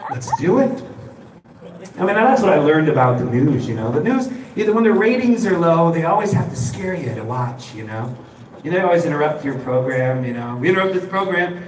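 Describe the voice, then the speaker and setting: A man from Chicago does stand-up on a live stage, his voice lively and somewhat high. His rambling delivery keeps restarting as he slips into characters. The sound is echoey and distant, with a crowd around him. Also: brisk, background noise. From Chicago, USA. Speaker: stand-up comedian. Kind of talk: stand-up set. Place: live comedy show stage. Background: audience laughter.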